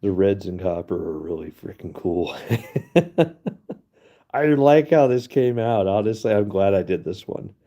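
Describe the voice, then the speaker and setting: Low gravelly man, hoarse from the cold. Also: animated, unhurried, pauses often, warm tone, lo-fi sound. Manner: chatty, laughs often, addresses viewers as guys. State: losing his voice, cold. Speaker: livestream host. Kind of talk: casual live-stream commentary. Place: outdoors at night in the cold.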